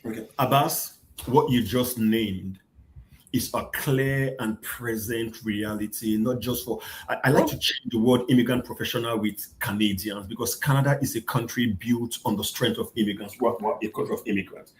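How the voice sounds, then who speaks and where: A man's voice: medium pitch, steady tone, normal speed. A man hosting a podcast interview, prompting his guest and reflecting on the answers with emphasis. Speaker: host.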